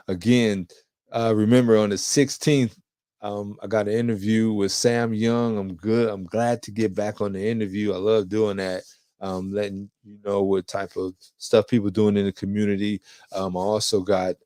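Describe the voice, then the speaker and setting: A young man talks through his podcast in a loose, rambling way, dropping casual slang as he goes. His voice sits low, and the recording is dry and close, with no room sound around it. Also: warm tone, no echo. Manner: laid-back, rambling storytelling with casual slang. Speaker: podcast host. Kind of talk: casual solo podcast chat.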